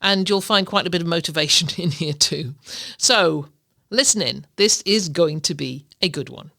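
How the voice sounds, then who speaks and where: A woman's voice: fairly low pitch, normal speed, vocal fry, pushed and bright, no room sound, clean studio sound. A middle-aged woman with an English accent, hosting a podcast interview in an upbeat way and laughing often. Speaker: podcast host.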